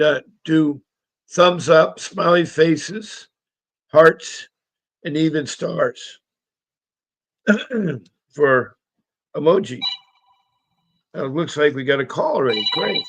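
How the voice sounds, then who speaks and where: A man's voice: fairly high pitch, slow pace, long pauses. A man hosting a live stream call-in show, talking casually with a slightly scratchy voice and a friendly, rambling manner full of fillers.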